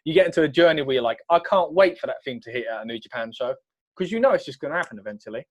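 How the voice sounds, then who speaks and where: A man's voice: medium pitch, lively intonation, racing. A man co-hosting a casual wrestling reaction chat, rambling and trailing off mid-sentence. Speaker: co-host.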